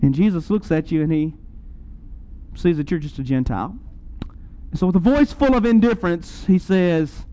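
Male preacher, high mellow voice, earnest sermon delivery with emphatic surges. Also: moderate pace, rough recording. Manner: earnest, rising to emphatic peaks.

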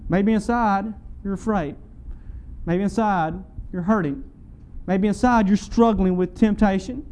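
A man's voice: sits high, moderate pace, dark tone, rough recording. A man preaching a sermon to his congregation, with rhetorical questions and repeated phrases.

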